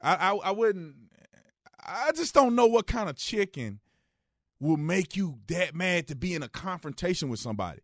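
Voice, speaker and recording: A man hosting a radio talk show, giving casual joking opinion commentary, jumping between loud outbursts and low, quiet asides. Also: big pitch swings, moderate pace, no room sound, studio quality.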